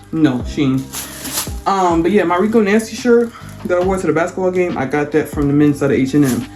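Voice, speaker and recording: A young woman vlogger telling a casual, slangy storytime, acting out what people said. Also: deep voice. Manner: animated, slangy, acts out quotes.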